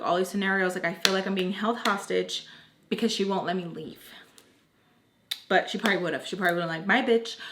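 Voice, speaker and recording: A woman's voice: mid-range voice, slight background noise. A young woman telling a personal storytime to her viewers in casual slang, acting out the voices of the people in it. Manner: animated, acts out quoted dialogue. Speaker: vlogger. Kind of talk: storytime narration.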